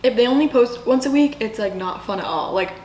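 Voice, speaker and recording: A woman's voice: a little high, fairly quick, a little mellow. A young adult woman co-hosting a casual eating show, eagerly asking follow-up questions. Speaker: co-host. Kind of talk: casual chat. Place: indoors. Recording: echoey room.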